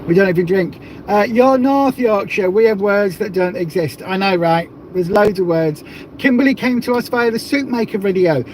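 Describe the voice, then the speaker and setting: A man's voice: high-pitched, normal speed, darkish tone, slight background noise. A man from the south of England hosting a casual livestream, chatty and rambling with plenty of jokes. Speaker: livestream host.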